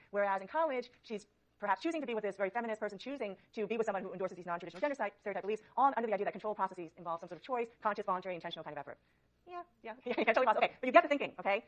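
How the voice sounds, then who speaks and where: A woman psychology lecturer teaching a university class, coaxing students with frequent okays. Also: medium pitch. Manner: brisk, coaxing, many okays. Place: large lecture hall. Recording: dull lo-fi lecture recording.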